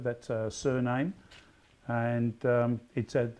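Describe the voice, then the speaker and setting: Rambling Australian quiz host. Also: male voice, mid-range voice, little pitch movement, darkish tone. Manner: rambling, self-correcting, slow emphatic question reading. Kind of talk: casual quiz hosting.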